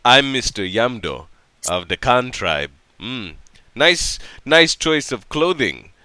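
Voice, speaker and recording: A man voicing an odd, formal tribal man who speaks slowly in halting, broken phrases. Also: mid-range voice, big pitch swings, sharp tone, clean tone, no echo, heavily acted. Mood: friendly. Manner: slow, halting broken speech.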